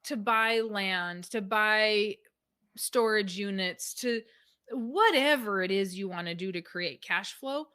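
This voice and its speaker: A woman guest talking casually about money, lively, acting out her own past reactions as she goes. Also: medium pitch. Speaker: guest, financial author. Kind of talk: casual conversation.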